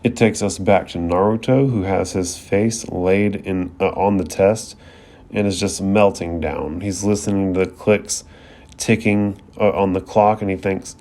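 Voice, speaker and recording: A man's voice: low voice, steady tone, unhurried, mellow. A man hosting a podcast, recapping an anime episode in a chatty, slangy way full of fillers.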